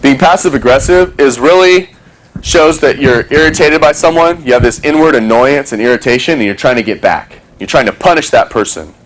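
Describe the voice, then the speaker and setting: A man's voice: mid-range voice, expressive, brisk. A man talking casually to a small group, telling a story and acting out other people's voices, swearing freely.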